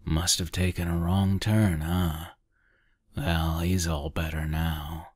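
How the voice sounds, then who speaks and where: A man's voice: low voice, little pitch movement, slow pace, a little mellow, no room sound, clean studio sound. A man playing a smug, offhand dentist.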